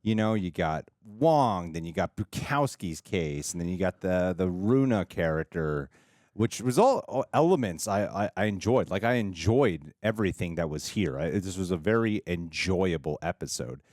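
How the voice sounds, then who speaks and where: A man's voice: low voice, moderate pace, dry recording, studio quality. A man co-hosting a TV reaction show, chatting casually and joking as he acts out lines. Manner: animated and joking, acting out lines. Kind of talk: casual review chat.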